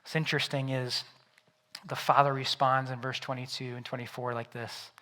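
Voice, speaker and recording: A male pastor preaching a sermon in church, moving from quiet reflection to loud, excited storytelling. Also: mid-range voice, normal speed. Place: church sanctuary.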